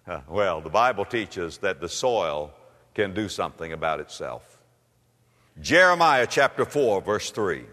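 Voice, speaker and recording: A male preacher delivering a fervent revival sermon in a bright, ringing voice that climbs high and drops low. He fires off rhetorical questions and swings from near-shouts to hushed lines. His voice carries a long echo through a church hall. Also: sing-song, a little slow. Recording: echoey hall.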